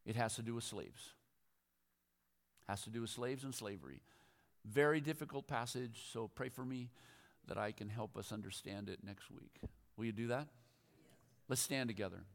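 A man's voice: on the low side, normal speed, vocal fry, big-room sound. A middle-aged man preaching a conversational, self-deprecating sermon in a church, often laughing at himself. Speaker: pastor. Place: church sanctuary.

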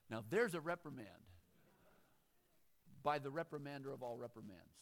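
A man's voice: medium pitch, moderate pace. A man preaching a sermon as a pastor, reading scripture and breaking off into conversational, chuckling asides. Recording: long hall reverb.

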